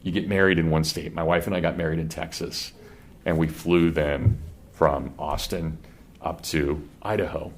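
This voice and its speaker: Deep-voiced Kansas man lecturing a class. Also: steady tone, moderate pace, a little hiss or hum. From Kansas, USA. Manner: conversational, asks the class questions.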